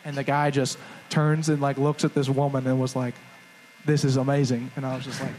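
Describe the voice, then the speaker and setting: A man's voice: medium pitch, flat delivery, fairly quick, a little mellow, a little hiss or hum, low-quality recording. A young man co-hosting a live podcast show on stage, telling a rambling, self-mocking story and acting out the quotes. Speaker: podcast co-host. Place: live stage before a crowd.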